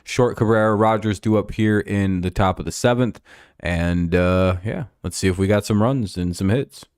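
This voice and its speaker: A man hosting a live stream, giving casual play-by-play and rambling, swearing chat between pitches. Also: normal speed, a little mellow, clear, resonant tone, no room sound, studio quality. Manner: rambling and profane, with frequent fillers.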